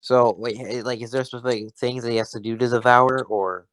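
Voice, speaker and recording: A man arguing in an online debate, halting and hesitant, often stopping himself mid-sentence. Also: mid-range voice, steady tone, a bit bright, no room sound. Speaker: debate opponent.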